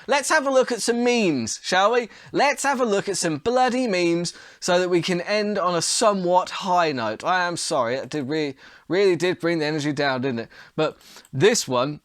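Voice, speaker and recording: A man hosting his own podcast, chatting bluntly and casually, his voice hoarse and worn from illness with the odd cough. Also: sits high, fairly bright tone, no room sound, studio quality. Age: adult. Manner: chatty, blunt, swears mildly. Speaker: podcast host. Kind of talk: casual solo podcast talk.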